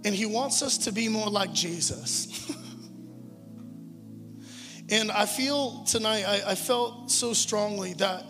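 A male pastor with a high voice preaches earnestly and conversationally, now and then tripping over a word. His voice rings with a long reverb in a church hall. Soft music plays faintly under him. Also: slow, long pauses. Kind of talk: sermon.

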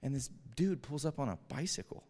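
A man preaching, telling a personal story with animated energy and frequent chuckles. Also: mid-range voice, brisk. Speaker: pastor. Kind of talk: storytelling sermon. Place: church hall. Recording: reverberant hall.

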